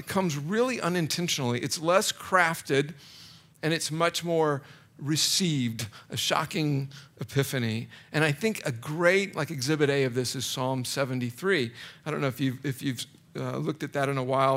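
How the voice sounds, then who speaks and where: A man's voice: fairly high pitch, a bit bright. A man preaching a casual, self-deprecating sermon to a live audience, full of fillers and restarts. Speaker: pastor. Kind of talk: conversational sermon.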